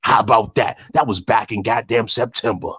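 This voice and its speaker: A man's voice: fairly low pitch, fairly even intonation, normal speed, a bit bright, slightly rough, dry recording. A man on a heated live-stream call, ranting, repeating himself and swearing constantly. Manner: profane, heated, repetitive ranting. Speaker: guest on a live online panel.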